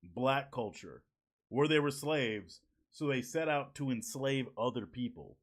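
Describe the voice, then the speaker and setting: A man's voice: mid-range voice, unhurried. A man streaming from home, chatting casually with viewers, joking, swearing and laughing often. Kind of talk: casual live-stream chat reacting to viewers. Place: home at evening.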